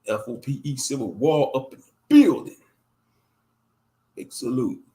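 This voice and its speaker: A man's voice: medium pitch, very animated, measured pace, mellow. A man in his thirties giving a profane, mocking, rambling commentary on a livestream. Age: 30s.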